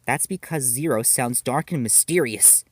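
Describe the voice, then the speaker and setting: A man voicing a theatrical teenage girl who acts as a dark wizard, speaking in grandiose declarations. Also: mid-range voice, normal speed, close to an everyday voice.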